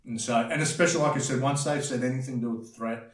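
Recorded a bit off-mic in an echoey room, a man with a medium-pitched, fairly even voice speaks at a quick pace. A former bouncer, he tells blunt, crude stories in casual podcast conversation, often acting out the voices of the people involved.

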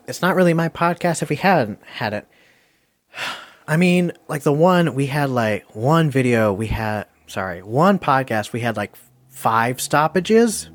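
A man hosting a casual podcast, animated, laughing often and swearing freely. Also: mid-range voice. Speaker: podcast host.

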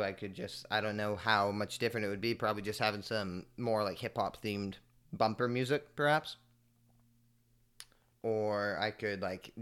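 A man hosting his own podcast in casual solo chat, rambling and profane as he tells stories, laid-back, with mumbled asides and sudden loud bursts. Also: fairly low pitch, clear, resonant tone. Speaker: podcast host.

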